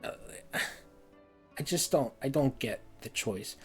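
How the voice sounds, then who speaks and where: A man's voice: medium pitch, lively intonation, slow, faint music behind. A man streaming a heated game review, ranting and swearing often, repeating words in frustration.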